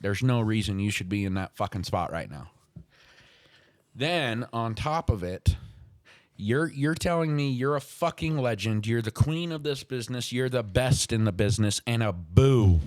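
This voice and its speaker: A man's voice: medium pitch, no echo. A man hosting a talk show, ranting in a heated, profane way about a wrestling feud. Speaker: podcast host. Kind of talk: heated wrestling commentary chat.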